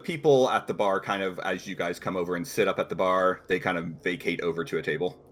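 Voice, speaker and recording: A man narrating as game master in a relaxed, filler-heavy manner. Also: deep voice, quick pace.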